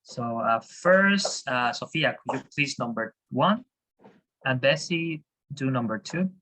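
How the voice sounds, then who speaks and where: A man's voice: mid-range voice, lively intonation, measured pace, pushed and bright, rough recording. A man teaching a class over a video call, hesitant, with many fillers and restarts. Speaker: Spanish teacher.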